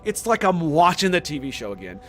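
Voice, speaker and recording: A young man streaming a game and chatting casually, excited and rambling, full of "dude" and "man". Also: fairly high pitch, brisk, faint music behind. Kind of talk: casual chat while streaming.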